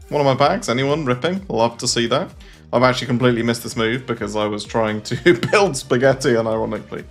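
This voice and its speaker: A man's voice: medium pitch, a bit bright. A man chatting casually on a livestream about trading, rambling with plenty of fillers and restarts.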